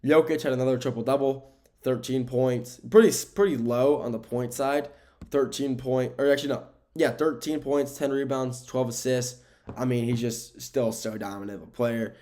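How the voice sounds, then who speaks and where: A young man from the United States hosts his own sports podcast in loose, casual talk. His voice sits at a middle pitch, and he rambles and restarts his sentences. He repeats his points and gets fired up over the game stats. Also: normal speed. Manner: rambling, repeats himself, many fillers and restarts; grows excited when talking about the game. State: sleepy, keeps yawning. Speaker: podcast host.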